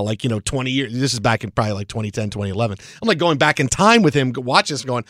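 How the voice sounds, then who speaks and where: A middle-aged man co-hosting a sports radio show, telling a story in an animated, lively way. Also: mid-range voice, racing, few pauses, no echo, studio quality. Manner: animated storyteller, acts out quotes. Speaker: radio co-host. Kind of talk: casual sports radio chat.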